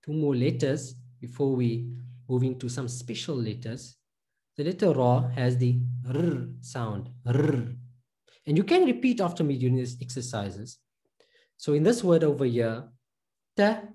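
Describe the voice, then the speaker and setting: In a recorded pronunciation lesson, a man teaches reading by patiently drilling syllables, repeating each sound slowly several times. His mid-range voice has a dark tone and big pitch swings.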